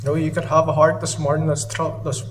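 Earnest man preaching with a flat voice. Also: fairly high pitch, fast, far from the mic, background noise. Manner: earnest, emotional, repeats phrases. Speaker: lay preacher. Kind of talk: sermon. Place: church service.

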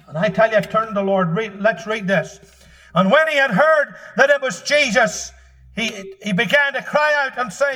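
A man preaches with fervour, his voice pitched very high and sharply bright. He leans hard on his points and breaks into shouts when he presses them home. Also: moderate pace, rough recording. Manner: fervent, emphatic preaching that rises to shouts. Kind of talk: sermon.

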